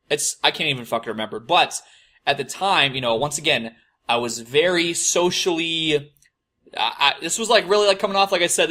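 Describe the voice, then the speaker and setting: A bright, forceful young man rambles through a confessional monologue, swearing nearly every line. He talks in a slightly high voice and keeps poking fun at who he used to be. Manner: rambling, swears constantly, mocks his past self. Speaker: host.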